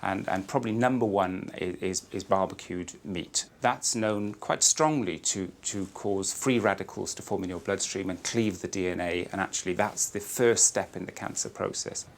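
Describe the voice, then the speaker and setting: A man with a very low, gravelly voice gives expert answers in an interview. He speaks in a measured, slightly halting way, with faint noise in the background. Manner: measured, hesitant, repeats words as he thinks. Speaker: consultant oncologist.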